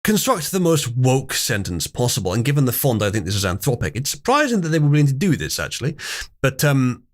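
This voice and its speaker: A young man hosting a live stream in an animated voice that swings widely in pitch. He reads memes and chat aloud with wry, mock-outraged theatrical emphasis, chatting casually with his viewers. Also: a little fast. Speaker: livestream host.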